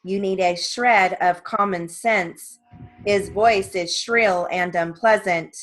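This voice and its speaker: A woman reading word lists and sentences as dictation practice, evenly and deliberately, with short spoken asides. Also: medium pitch, fairly even intonation, a bit bright, rough recording. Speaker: dictation reader for steno practice.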